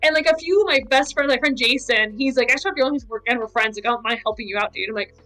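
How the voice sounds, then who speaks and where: A young-sounding woman talks fast in a high, bright voice, rattling off anecdotes stuffed with "like." She chats casually on a podcast as a cosplayer guest. Faint music plays under her. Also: poor audio. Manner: chatty storyteller, many "like" fillers.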